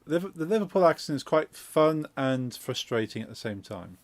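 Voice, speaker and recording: A man's voice: fairly high pitch, big pitch swings, moderate pace, no room sound. A man with an English Midlands accent, hosting a game stream and chatting casually, rambling through explanations with lots of fillers. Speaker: streamer host. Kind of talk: casual chat while gaming.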